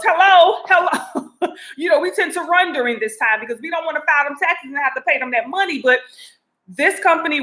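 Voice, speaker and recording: A woman's voice: high voice, sharp tone, poor audio. A woman hosting her own talk show, chatting casually to her viewers with frequent repeated asides. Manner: chatty, repetitive asides to the audience.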